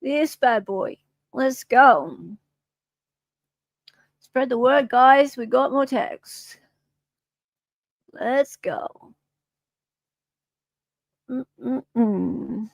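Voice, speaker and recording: Australian woman livestream host, high and unhurried, casual chatty read of comments, dry close sound. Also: no echo. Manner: chatty, reads viewer comments aloud.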